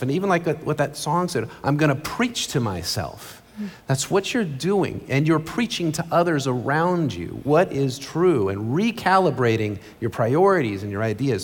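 A male pastor preaching an earnest, conversational sermon from a church stage, with quick asides. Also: fairly high pitch. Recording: long reverb of a large hall.

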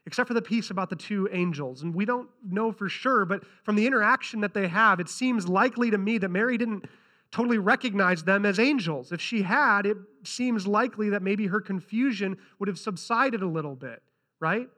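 A man's voice: high-pitched, a little fast, sharp tone. A man preaching a sermon who reads scripture aloud and earnestly repeats key lines for emphasis. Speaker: pastor.

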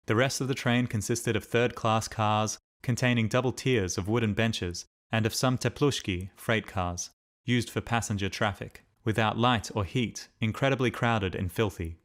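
A man narrating a diary as an audiobook in a steady, measured reading. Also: lowish voice.

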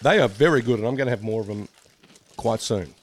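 A man's voice: mid-range voice, fast. A man, co-hosting a snack taste test, joking around as he eats. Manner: jokey, playful, talks with mouth full. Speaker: co-host.

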